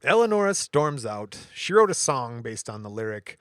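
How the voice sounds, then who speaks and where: A man's voice: medium pitch, normal speed, hardly any pauses, no room sound, clean studio sound. A man from Michigan, a podcast co-host, telling a long story in casual chat and acting out the other people's voices. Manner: animated storyteller, acts out quoted voices.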